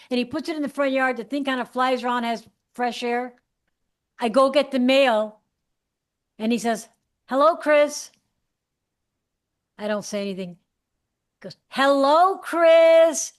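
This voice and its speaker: A woman co-hosting a podcast, chatting casually and telling a rambling, animated story. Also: sits high. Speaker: podcast co-host. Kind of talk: casual chat.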